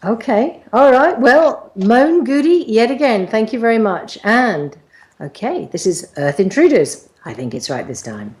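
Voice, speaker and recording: A woman's voice: a little high, sing-song. A woman hosting an interview, chatty and loose with fillers. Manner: chatty, with fillers and quick laughs. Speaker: host.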